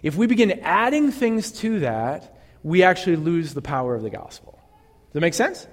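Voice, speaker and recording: A man's voice: on the high side, big pitch swings, normal speed, long reverb tail. A male pastor preaching a sermon in an earnest, conversational way, full of fillers and restarts.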